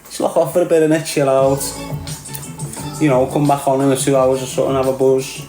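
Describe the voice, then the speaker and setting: A man's voice: medium pitch, flat delivery, a little fast, warm tone. A middle-aged man with a Scouse accent hosting a casual livestream rant in streetwise, mocking banter, often laughing. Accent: Scouse (Liverpool). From Liverpool area, England. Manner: mocking, streetwise banter, frequent laughter, calls everyone "lad". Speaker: livestream host. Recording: roomy echo with faint music.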